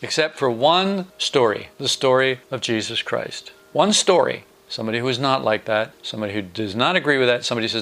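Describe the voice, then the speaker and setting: A middle-aged man giving an informal spoken sermon as a preacher. He is folksy and wry, with sarcastic asides, and his pitch jumps about. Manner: animated, with quick jumps in pitch.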